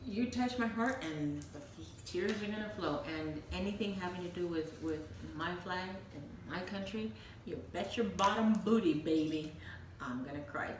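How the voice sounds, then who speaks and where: On a casual chat show, a woman co-host tells stories amid plenty of laughter, chatty and animated. Her voice sits on the low side at a normal pace, captured by a distant mic in an echoey, noisy room.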